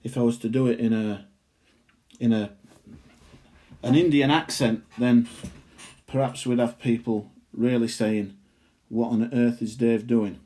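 A man preaching a sermon, earnest and emphatic, slowing down to stress key phrases. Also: medium pitch, steady tone, mellow.

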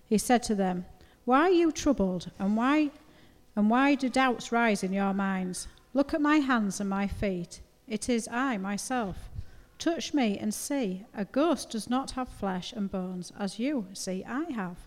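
A woman reading a Bible passage aloud to a congregation in a steady, measured way. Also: a little high. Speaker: scripture reader. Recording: reverberant hall recording.

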